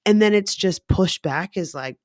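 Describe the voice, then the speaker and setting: A woman's voice: medium pitch, normal speed, darkish tone, dry recording, clean studio sound. A woman in her thirties telling a personal story candidly, swearing freely and filling her talk with "like" and "you know". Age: 30s. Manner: frank and profane, filler-heavy with lots of "like".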